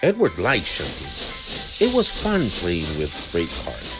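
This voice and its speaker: Slow, expressive male storyteller. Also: low-pitched. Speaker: narrator. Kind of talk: storybook narration. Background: background music.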